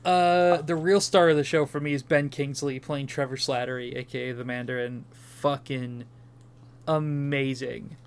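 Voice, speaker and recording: A man's voice: mid-range voice, steady tone, normal speed, smooth. A young man co-hosting a casual movie review podcast, enthusiastic and swearing casually. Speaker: podcast co-host.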